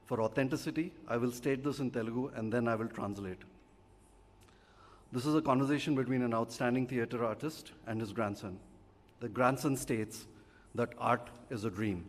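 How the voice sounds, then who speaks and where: A man, a father giving a measured, heartfelt prepared speech at a stage event. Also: medium pitch. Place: large auditorium. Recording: long reverb of a live auditorium.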